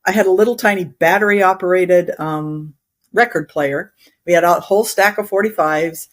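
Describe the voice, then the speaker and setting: A woman's voice: on the low side, moderate pace. Middle-aged woman from Wyoming; chatty, rambling guest who laughs easily. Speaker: interview guest, instructional designer. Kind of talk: casual storytelling in conversation.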